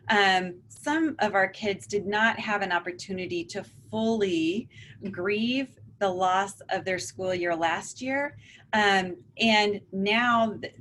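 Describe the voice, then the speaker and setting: A woman counselor speaking to parents in a calm, conversational way, often acting out example dialogues. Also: medium pitch, slight background noise. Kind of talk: informal talk to a parent forum.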